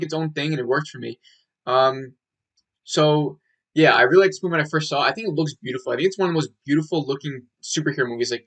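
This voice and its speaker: Young male reviewer, bright forward tone, loose rambling delivery with frequent filler and cursing. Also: on the high side, rough recording. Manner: rambling, heavy "like" filler, swearing. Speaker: movie reviewer. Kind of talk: casual review monologue.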